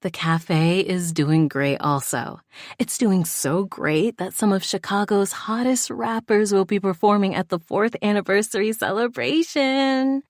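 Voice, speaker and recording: A woman reading an audiobook, voicing an animated young woman who is excitedly sharing good news. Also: medium pitch, unhurried, dry recording, studio quality, pitched above the performer's own voice, natural voice.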